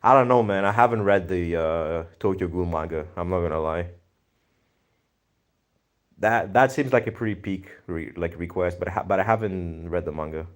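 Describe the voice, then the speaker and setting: A young man from Greece, speaking with a Greek accent in a low-pitched voice at normal speed, chats casually on a live stream. He reads viewer comments and thinks aloud in a relaxed, slangy way.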